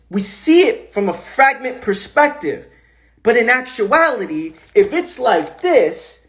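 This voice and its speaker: A man hosting a live stream, speaking in an emphatic, repetitive, rambling way about how to live. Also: sits high. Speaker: host. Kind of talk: casual motivational talk on a social media live stream. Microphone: phone.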